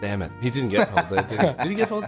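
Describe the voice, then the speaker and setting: Man, podcast co-host, quiz contestant, laid-back, jokey, mid-pitched voice, faint music behind. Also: big pitch swings, very fast. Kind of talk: casual podcast banter.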